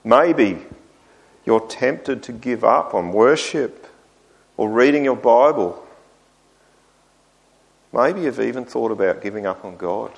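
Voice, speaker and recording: A man preaching a sermon, voicing the psalmist's complaints with lively rises. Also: mid-range voice, slow pace, gravelly, long pauses.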